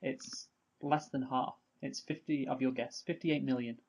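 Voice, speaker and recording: A man's voice: medium pitch, steady tone, unhurried, vocal fry, a little mellow, breathy edge, low-quality recording. A man co-hosting a film podcast, casually teasing his partner and giving plain answers. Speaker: podcast co-host.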